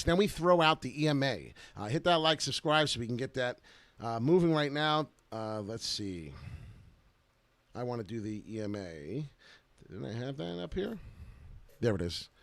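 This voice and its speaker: A man hosting a casual live stream about crypto charts, talking in an excitable, rambling way. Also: on the high side, no echo.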